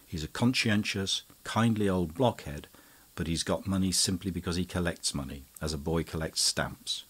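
A man voicing a flamboyant young male schemer who declaims gravely. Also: sits low, moderate pace. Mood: sly.

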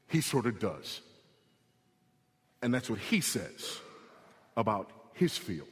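A man preaching a sermon as pastor, emphatic, rising in pitch and slowing for stress. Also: very animated, long reverb tail. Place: church sanctuary.

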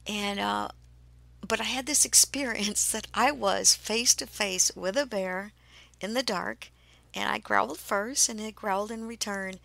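A woman hosting a podcast, telling a personal spiritual story in a slow, hushed way that often drops to a breathy whisper. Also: medium pitch, dry recording. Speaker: podcast host.

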